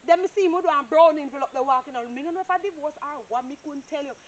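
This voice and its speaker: A woman's voice: sits high, fast talker, dull audio, natural voice. A woman playing a nosy, gossipy Jamaican surveyor. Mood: gossiping. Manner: gossipy, animated Patois storytelling. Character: nosy, chatty young female property surveyor. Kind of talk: Jamaican stage-style movie acting.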